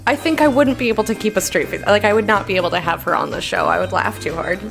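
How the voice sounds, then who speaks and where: A woman's voice: mid-range voice, quick pace, creaky, fairly bright tone, soft background music. A woman streaming live, chatting casually and laughing hard and often. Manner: chatty, reads and answers chat.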